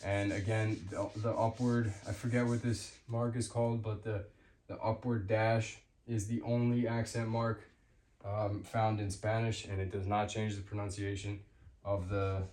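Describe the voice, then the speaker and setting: A man giving an unscripted language lesson, pausing often with ums and restarting his sentences. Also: lowish voice, level tone, darkish tone, reverberant. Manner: hesitant, with many ums and restarts. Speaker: language teacher.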